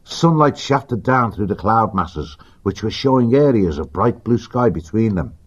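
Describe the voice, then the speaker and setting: A man narrating an animal adventure audiobook in a steady, vivid reading. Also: fairly low pitch, measured pace. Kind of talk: scripted storybook narration. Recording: dull lo-fi recording.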